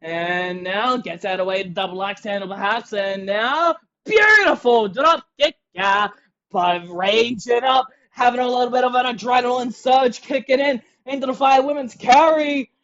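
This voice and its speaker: Wrestling commentator, play-by-play, excitable, shouts on big moves, middle pitch, dull lo-fi audio. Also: moderate pace.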